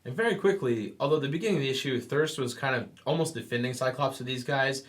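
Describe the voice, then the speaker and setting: A man's voice: medium pitch, fast talker. Man retelling comic plots casually. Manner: retells scenes acting out quoted lines. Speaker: podcast co-host. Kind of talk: casual comic book review chat.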